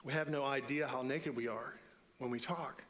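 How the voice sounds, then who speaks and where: In a church sanctuary, a pastor delivers an earnest sermon in a medium-pitched, fairly bright voice at a moderate pace and with fairly even intonation. He builds toward emphatic repeated lines, and the recording carries the long reverb of a church hall.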